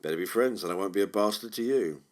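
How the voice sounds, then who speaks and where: A man's voice: on the low side, fast talker, voice pushed up, natural voice. A man voicing a drunk, cruel young man who mocks others coldly, in an audiobook reading. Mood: mocking. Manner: cold, mocking. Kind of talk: audiobook character voice.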